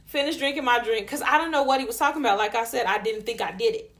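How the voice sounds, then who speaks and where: A woman co-hosting a podcast, telling a story in casual chat, animated and profane, laughing as she goes. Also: on the high side, fast talker. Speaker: podcast co-host.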